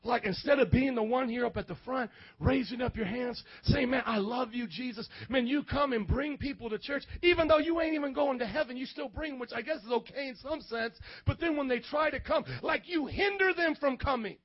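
A young man preaching a casual, slangy youth sermon in a church, acting out voices and rising to shouts. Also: very high voice, brisk, hardly any pauses, slightly rough, dry recording, dull audio. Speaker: youth pastor.

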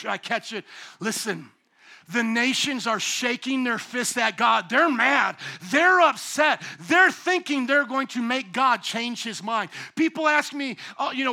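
A middle-aged man preaching a sermon, swinging from hushed lines to shouted ones. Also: very high-pitched, creaky. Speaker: pastor.

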